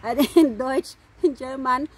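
A woman's voice: high-pitched, a little slow, a little hiss or hum. A woman from the Philippines, vlogging casually on an outdoor walk, laughing often and restarting her sentences. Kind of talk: casual vlog chat.

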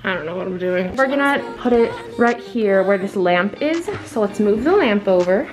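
A woman's voice: mid-range voice, expressive, moderate pace. Young college girl vlogging her dorm move-in, super chatty, lots of "literally," music going in the room. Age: young adult. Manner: chatty, enthusiastic, says "literally" and "like" often. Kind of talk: casual vlog narration. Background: music playing in the room.

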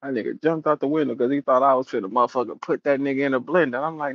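A man's voice: a little high, fast talker, hardly any pauses, dry recording, highs cut off. A man hosting a battle rap audio room, telling stories and taunting a rival in a profane, casual rant. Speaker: battle rap show host.

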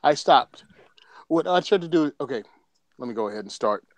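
A man's voice: a little high, lively intonation, moderate pace, no room sound. Man, co-host in casual chat, dry close mic, laughs easily. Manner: storytelling, joking, laughs often. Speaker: podcast co-host.

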